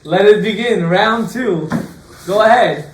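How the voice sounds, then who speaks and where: A rabbi teaching an informal class, lively and joking, who keeps firing rhetorical questions at his students. His voice sits a bit high for a man. He is recorded from across an echoey room, with a faint hiss underneath. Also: measured pace, far from the mic.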